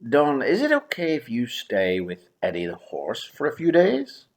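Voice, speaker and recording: A man voicing his smooth-talking, persuasive male boss, read in his own everyday storytelling voice. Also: mid-range voice, wildly swooping pitch, measured pace.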